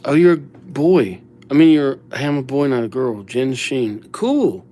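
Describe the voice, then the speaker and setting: This young man livestreams his calligraphy and chats casually with viewers, reading their names aloud, acting out little scenes and joking about his own mistakes. His voice is mid-range and warm, with lively intonation and a slightly slow delivery.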